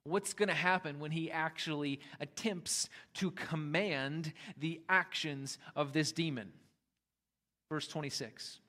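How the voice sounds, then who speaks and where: A man with a fairly high voice preaches a sermon as the pastor. He talks in an easy, conversational way, leaning hard into key words and then dropping to a hush. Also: slow pace. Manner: conversational preaching with emphatic rises and quiet drops.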